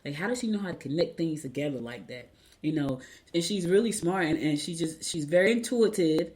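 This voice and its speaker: A woman's voice: low-pitched, a little fast. Chatty woman telling a story. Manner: animated storytelling, chatty, addresses audience as y'all. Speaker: morning show host. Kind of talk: casual chat to viewers.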